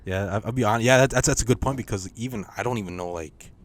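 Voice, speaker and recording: A young man with a fairly low voice co-hosts a laid-back podcast. He jokes around and hesitates a lot, and he swears casually as he talks. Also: fast talker. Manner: joking, hesitant, swears freely. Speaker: podcast co-host. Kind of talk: casual chat.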